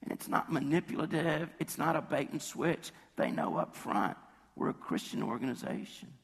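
A hoarse man preaching a sermon in a conversational storytelling way, slipping into quoted voices. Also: very animated, moderate pace, in a large hall. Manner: conversational storytelling, acts out quotes with jumps in pitch.

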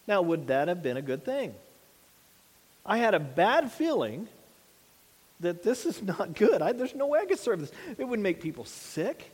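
High-voiced man preaching in a hall. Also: big pitch swings, unhurried, long pauses, husky. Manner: conversational preaching with rhetorical questions. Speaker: pastor. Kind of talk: sermon. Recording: long hall reverb.

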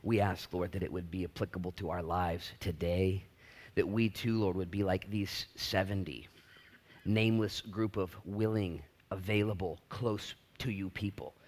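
A male pastor giving a casual, animated sermon with prayer, swinging between loud excitement and hushed emphasis and using laid-back slang. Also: low voice, normal speed.

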